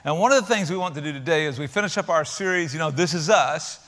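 A man's voice: fairly high pitch, lively intonation, fast talker. A pastor, joking and welcoming his congregation in a sermon. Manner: jokey, warm-hearted, uses fillers. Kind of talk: sermon and stage interview. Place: large church. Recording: echoey church hall.

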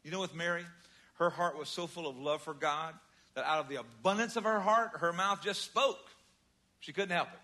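An older man delivers a sermon in a chatty, storytelling way. His voice is bright and sits a little high. He swings between loud, emphatic lines and quiet asides. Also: normal speed. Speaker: pastor.

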